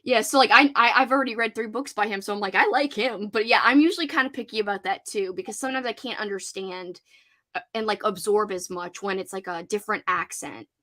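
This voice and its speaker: A young woman host with a subdued American Louisiana accent chats casually, laughing often and using many fillers. Her mid-range voice is quick and sharp.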